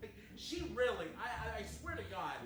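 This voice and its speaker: Animated man telling a story in an echoey room. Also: high voice, normal speed, a crowd in the background. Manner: animated, laughing while telling stories. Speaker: reaction video host. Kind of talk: casual storytelling and reaction.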